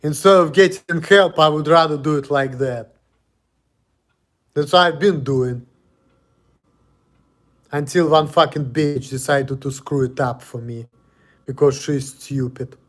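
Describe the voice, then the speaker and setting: Man, casual home vlog; blunt, defiant rant, swears freely, laughs at himself, voice a touch high. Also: fairly even intonation, measured pace, pauses often.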